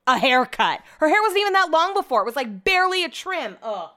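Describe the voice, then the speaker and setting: A young woman talks in a loose, chatty rant. Her pitch leaps up and drops low as she gets worked up. She swears freely and tells stories at a quick clip. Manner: animated, ranting, swears freely. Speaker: podcast host. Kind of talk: casual chat.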